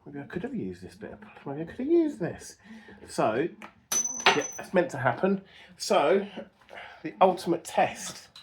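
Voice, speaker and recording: Man, lively swooping pitch, self-deprecating chatter, noisy garage. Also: a little slow. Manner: self-deprecating, chatty, talks to himself while working. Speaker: car restoration vlogger. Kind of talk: casual workshop chat to camera. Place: home garage workshop. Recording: noisy workshop with dogs barking.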